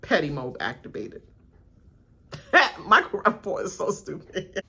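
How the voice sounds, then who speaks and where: Lively, bright-voiced woman reacting. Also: on the low side, unhurried, vocal fry, husky. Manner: animated, laughing, mimics cast members with loud yelled names. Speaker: reaction video host. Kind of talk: casual reality TV reaction commentary.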